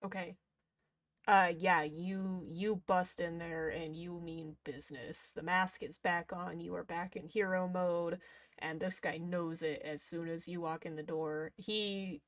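A woman's voice: on the low side, steady tone. A woman running a tabletop superhero game, narrating scenes and explaining rules in a chatty way. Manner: chatty, quick to laugh. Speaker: game master.

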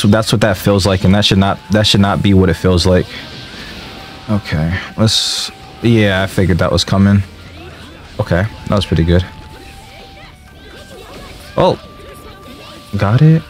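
A young man commenting on his own gameplay, excitable and slangy, often yelling and trash-talking the game as he plays. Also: sits low. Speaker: gaming streamer.

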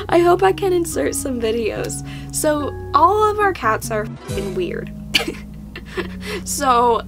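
A young woman chatting casually to camera about her pets, bubbly, laughing often and swearing lightly. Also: high voice. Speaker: pet vlogger.

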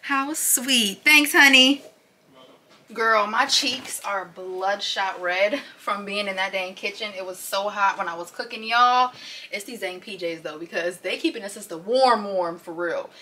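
A woman's voice: medium pitch, measured pace, bright, forceful tone, a little hiss or hum. A young woman chatting casually to camera at home, talking to viewers like friends. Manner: chatty, calls viewers "girl" and "y'all". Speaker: vlogger. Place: home, kitchen and bedroom.

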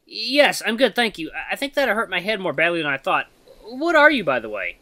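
A streamer playing a flustered shipwrecked human hero. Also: brisk. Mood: confused. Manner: high, excited, exclaiming. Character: bewildered castaway hero, young, flustered. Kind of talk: visual novel voice acting.

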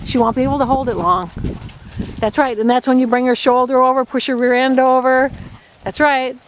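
A woman's voice: sits high, steady tone, a little fast. A woman riding instructor coaching a rider live, encouraging her and repeating short commands.

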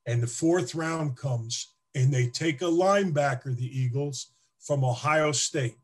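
A man's voice: mid-range voice, measured pace, breathy edge. A man, a former football player telling emotional stories as an interview guest. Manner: animated, emotional storyteller acting out scenes. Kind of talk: casual interview storytelling.

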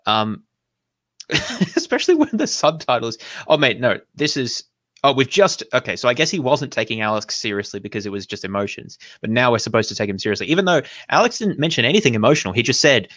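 A man's voice: mid-range voice, big pitch swings, fast talker, a bit bright, dry recording, studio quality. A man hosting a video, reacting to clips in casual, rambling commentary full of fillers and restarts. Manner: incredulous, laughing. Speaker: host responding to videos.

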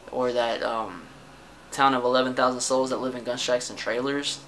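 A young man rants to his own camera, frustrated and defensive. His voice is bright and a bit sharp, with plenty of cursing and sentences he drops and starts again. The camera mic picks up a faint steady hiss. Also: mid-range voice, moderate pace, low-quality recording. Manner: frustrated, defensive, swears often, trails off and restarts. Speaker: vlogger. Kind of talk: casual personal rant to camera.

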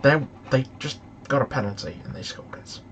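A young man commentating on a football management game, excitable and shouting at the match in frustration. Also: mid-range voice, normal speed, vocal fry, muffled recording, slight background noise. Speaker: gaming YouTuber.

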